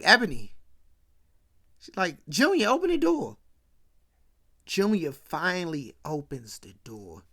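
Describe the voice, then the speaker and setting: A show host doing an animated, slangy recap of a film, acting out the characters' lines and swinging between hushed asides and loud bursts. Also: mid-range voice. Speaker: host of a movie commentary channel.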